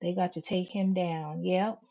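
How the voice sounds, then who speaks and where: A woman hosting her channel's live stream reads viewer comments aloud and answers them sassily and emphatically. Her voice is lowish and mellow, her intonation fairly even, her pace unhurried, all captured in dull lo-fi stream audio.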